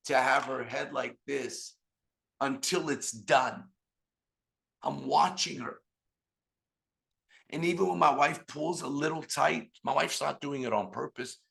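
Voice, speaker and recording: A middle-aged man giving an animated motivational business talk on a video call, telling stories and speaking to the audience directly. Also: fairly high pitch, vocal fry. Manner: animated storytelling with audience asides. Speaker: business trainer.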